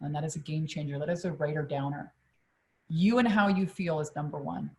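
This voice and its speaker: A middle-aged woman coach on a live stream, telling a personal story in an animated, blunt way and swearing freely. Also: low-pitched, fairly quick. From Quebec, Canada.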